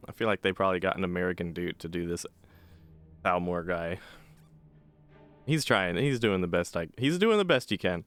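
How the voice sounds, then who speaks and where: A man's voice: deep voice, lively intonation, moderate pace, pauses often, a bit bright. A man giving rambling, casual, profane let's play commentary as a gaming channel host.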